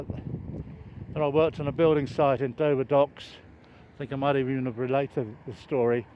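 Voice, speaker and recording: An older man talks as he walks outdoors, rambling from one wry aside to the next with plenty of fillers and restarts. His voice sits fairly high. The camera audio is dull, with traffic and machinery rumbling clearly behind him. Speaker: vlogger filming a construction site. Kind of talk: rambling walk-and-talk narration. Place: outdoors by a road, walking downhill.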